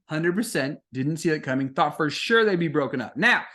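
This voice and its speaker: Excitable man recapping a show. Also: a little high, a little fast. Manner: animated, jumps to excited outbursts and laughs. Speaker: podcast host recapping a reality show. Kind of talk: casual recap chat.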